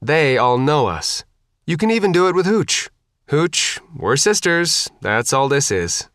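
A commanding young woman who captains a small boat and lectures her sister, voiced by a male narrator. Her voice sits high and swings widely, crisp and close with no room sound, in an audiobook reading. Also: very animated, a little slow, fairly bright tone, dry recording. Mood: bossy.

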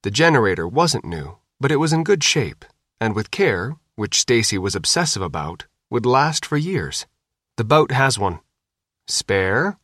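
A man narrating a novel with a wry, steady storytelling manner. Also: medium pitch, normal speed, no echo, clean studio sound. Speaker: audiobook narrator. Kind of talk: scripted narration.

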